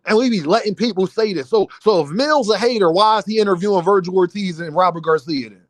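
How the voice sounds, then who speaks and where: A man with a high-pitched voice rants at his live chat, heated and insistent, full of street slang. His voice is dry and close, with no room sound at all. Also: quick pace, dry recording. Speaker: boxing commentary streamer. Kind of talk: live stream rant.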